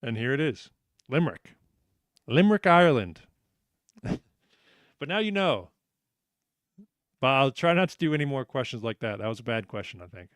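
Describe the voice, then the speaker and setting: A man's voice: medium pitch, animated, moderate pace, pauses often, a bit bright, smooth, no echo. Guy hosting trivia night, jokey and upbeat, medium voice, dry mic. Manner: upbeat, joking, self-deprecating. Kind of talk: casual live trivia hosting.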